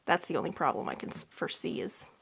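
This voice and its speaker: A woman's voice: lowish voice, lively intonation, fast talker, gravelly, a bit bright, a little hiss or hum. A young woman in her twenties, a pet vlogger chatting casually at home beside a cage, rambling with many fillers and a little out of breath. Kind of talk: casual chat. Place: indoors at home by an animal cage.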